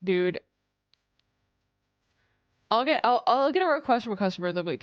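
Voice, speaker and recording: A woman's voice: a little high, animated, moderate pace, dry recording, highs cut off. A woman streaming live, chatting casually with viewers, reading chat aloud and swearing as she acts out customers.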